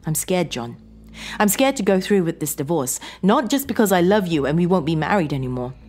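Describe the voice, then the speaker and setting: A woman's voice: lowish voice, sing-song, brisk, a little mellow, faint music behind, pitched above the performer's own voice. A woman voicing a tearful, pleading wife in a horror story, emotional and shaky. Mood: pleading, hurt. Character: tearful, pleading woman facing her divorce.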